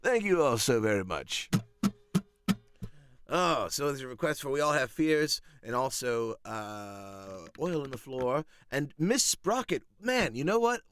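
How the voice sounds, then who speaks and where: A man's voice: mid-range voice, sing-song, measured pace, fairly bright tone, slight background noise. A man chatting casually on a live stream from his home music studio, easygoing and self-deprecating.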